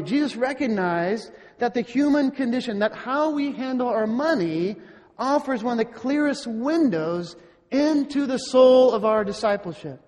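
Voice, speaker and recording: A male pastor preaching a sermon slowly and deliberately, asking his listeners rhetorical questions. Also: very high voice, darkish tone. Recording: long reverb in a large hall.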